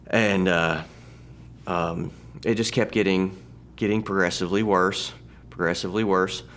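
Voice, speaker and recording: A man in his thirties sharing a personal testimony in a halting, conversational way, often restarting his sentences. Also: low voice, steady tone, a bit bright. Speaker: church testimony speaker.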